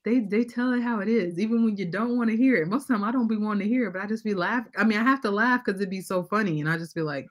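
Animated woman telling funny family stories. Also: medium pitch, very fast, few pauses. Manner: animated, acts out quotes from kids. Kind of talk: casual storytelling chat.

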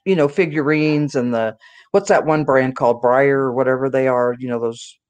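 A middle-aged woman from Texas, talking as a guest on a chat show. She tells family stories in a lively, rambling way and leans on "you know" a lot. Her delivery is casual and unscripted. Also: extremely low pitch, normal speed. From Dallas area, Texas. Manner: lively, chatty, many fillers like "you know".

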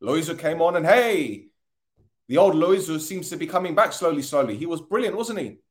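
A man's voice: fairly high pitch, lively intonation, normal speed. A man hosting a football podcast, giving a tired, frustrated post-match rant with sarcasm and swearing.

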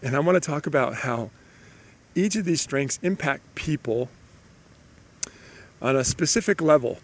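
A man's voice: fairly high pitch, expressive, unhurried. A man hosting a solo motivational podcast, upbeat and chatty, with a slight cold and frequent restarts. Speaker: podcast host.

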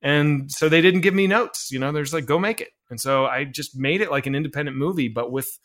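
A filmmaker telling a long story in a casual interview, full of fillers and restarts, acting out bits of dialogue. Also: male voice, fairly high pitch, fairly quick. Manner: animated anecdote-telling with many fillers and restarts; acts out quoted dialogue. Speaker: filmmaker guest.

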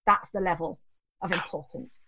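A woman in an interview, telling animated stories from her life and acting out the voices of the people in them, often laughing. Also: fairly low pitch, moderate pace, vocal fry, husky. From England. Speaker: guest, teacher trainer. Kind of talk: storytelling interview.

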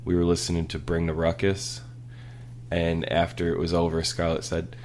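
A man's voice: deep voice, monotone, normal speed, darkish tone, slight background noise. A man in his thirties chatting casually on a podcast, rambling and laughing through family stories. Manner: rambling, laughing, with many restarts. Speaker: podcast host. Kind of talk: casual storytelling chat.

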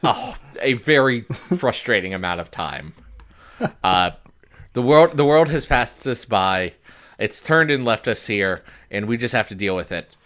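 A man co-hosting a chatty podcast, his mid-pitched voice swinging up high as he builds to a point. He restarts sentences often and laughs between them, keeping an animated, conversational flow. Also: unhurried. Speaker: podcast co-host. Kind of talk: casual chat.

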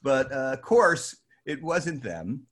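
An older man spins anecdotes for a small audience in a loose, conversational way. His voice sits in a middle register and jumps higher when he acts out what others said. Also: slow pace. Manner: animated, acts out quoted voices with rising pitch. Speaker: storyteller addressing a live audience. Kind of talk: casual anecdotal storytelling.

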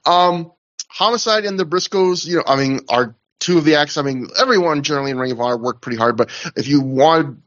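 A man hosting a casual podcast chat, talking in animated runs with frequent laughs, fillers and restarts. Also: on the high side, a little fast. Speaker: podcast host. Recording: slightly dull lo-fi audio.

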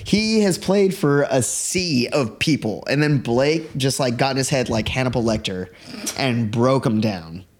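In a living room, a man guesting on a podcast tells a rambling story while using "like" over and over. He speaks a little slowly in a mid-range voice with lively intonation.

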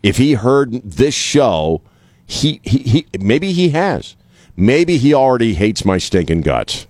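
A man's voice: medium pitch, very animated, slow pace, a little mellow, dry recording. A man hosting a talk radio show, rambling casually with many restarts and an irreverent streak. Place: radio studio. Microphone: studio mic.

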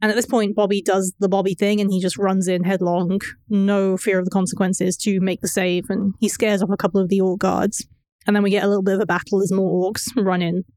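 A woman's voice: mid-range voice, little pitch movement, fairly quick, darkish tone, no room sound, clean studio sound. A woman co-hosting a podcast, recapping a cartoon episode in casual chat and laughing often.

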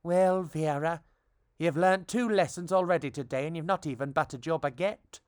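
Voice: mid-range voice, moderate pace, darkish tone, no room sound, clean studio sound, natural voice. A storybook reader voicing a preachy, self-assured female fairy who lectures her friend. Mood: wry. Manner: lecturing, speechifying.

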